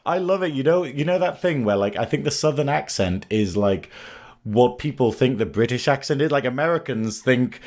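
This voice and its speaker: A man with a mid-pitched, very lively voice that swings up and down as he hosts a podcast. He gushes and laughs often, with an eager, warm chattiness. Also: moderate pace. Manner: enthusiastic, giggly, gushing. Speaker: podcast host. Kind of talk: casual podcast chat.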